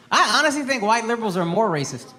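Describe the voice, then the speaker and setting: A man's voice: sits high, sharp tone. An American man in his thirties from Texas doing brash, profane stand-up comedy with crowd work, recorded live on stage.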